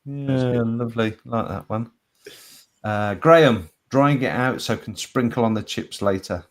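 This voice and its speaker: Live-show host, man, reads each caption aloud and chuckles along, mid-pitched. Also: a little slow. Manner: laughs often between readings.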